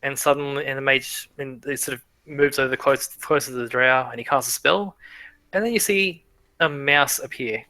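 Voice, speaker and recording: Male game master, bright tone, dry close sound, rambling narration. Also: mid-range voice, normal speed, dry recording. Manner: rambling, self-correcting narration.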